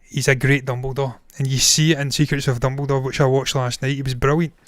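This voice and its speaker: A man's voice: mid-range voice, level tone, fast talker, no room sound. A man in his thirties ranking films on a casual live stream, blunt and opinionated, swearing freely, his voice tired and strained after hours of talking. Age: 30s. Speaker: film reviewer and live-streamer.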